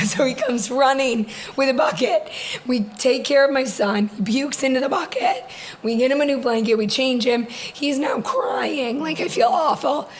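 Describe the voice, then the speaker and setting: A young woman with a slightly high voice co-hosts a casual podcast with her sister. She tells everyday stories with animated energy and laughs often. A faint noise sits under the recording. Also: poor audio. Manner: animated storytelling, quick laughs. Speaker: podcast co-host.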